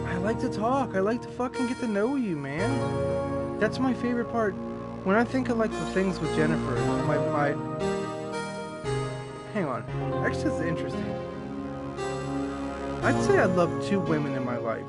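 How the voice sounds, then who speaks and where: A man's voice: high-pitched, animated, unhurried, pauses often. Profane rambling young male streamer. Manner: rambling, profane, candid storytelling. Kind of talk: live gameplay commentary. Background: loud game music.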